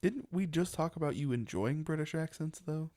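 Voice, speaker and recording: A man's voice: fairly high pitch, moderate pace, darkish tone. A young man co-hosting a casual podcast, talking in a rambling, chatty way and laughing often. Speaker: podcast co-host.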